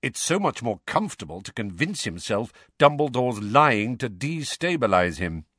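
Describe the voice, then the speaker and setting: A bitter, restless outlaw, sardonic and sharp-tongued, his pitch moving lively, as a narrator plays him. Read close and dry in an audiobook. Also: normal speed, husky, no room sound.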